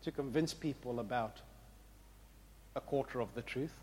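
A man preaching a sermon, with an impassioned delivery that swings from quiet reflection to loud exclamation. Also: medium pitch, moderate pace, a little hiss or hum. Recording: long hall reverb.

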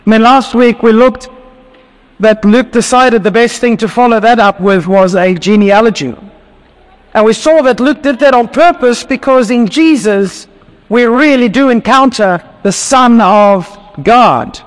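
High-voiced man preaching in an echoing hall. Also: unhurried. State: recovering from laryngitis. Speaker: pastor. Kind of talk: sermon with prayer and scripture reading.

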